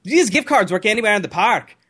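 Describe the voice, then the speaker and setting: A man's voice: sits high, expressive, fast, sharp tone, pitched above the performer's own voice, heavily acted. A man voicing a made-up Scottish tourist with an exaggerated put-on Glasgow accent and a playful manner.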